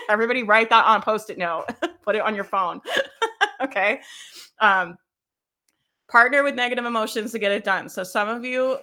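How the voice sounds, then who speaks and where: A woman's voice: medium pitch, sharp tone. A woman coaching a live online workshop, chatty and encouraging, often checking in with "right?" and laughing. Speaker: social media coach.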